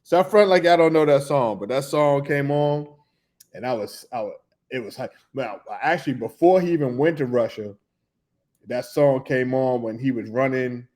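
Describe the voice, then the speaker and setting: A middle-aged man hosting a podcast, telling a loose, animated story in casual slang, with laughs and restarts. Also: medium pitch, moderate pace. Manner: animated, humming tunes and acting out reactions. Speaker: podcast host.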